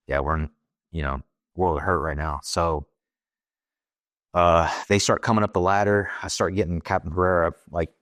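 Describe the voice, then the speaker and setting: Ex-Marine guest, deep male voice, halting casual storytelling, dry close sound. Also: no room sound. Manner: plain, halting retelling with many fillers and quoted dialogue.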